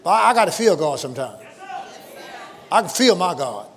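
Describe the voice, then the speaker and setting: High-voiced preacher shouting call-and-response. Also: male voice, big pitch swings, normal speed, big-room sound, soft background music, some chatter behind. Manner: folksy, joking asides to the congregation. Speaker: pastor. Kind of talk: sermon. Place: church sanctuary.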